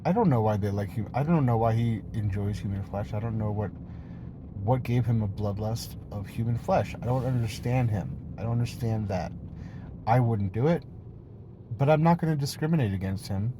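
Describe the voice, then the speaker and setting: A man's voice: fairly low pitch, moderate pace, background noise. A man rambling playfully in a casual monologue video, jumping between topics and swearing freely. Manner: playful, silly tone. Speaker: vlogger.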